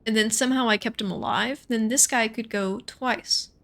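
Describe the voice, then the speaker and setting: A woman's voice: a little high, a bit bright. A young woman streamer chatting casually while playing a game, thinking aloud and rambling between moves. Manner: chatty, thinks aloud, quick asides and self-talk. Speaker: gaming streamer. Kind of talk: casual gameplay commentary.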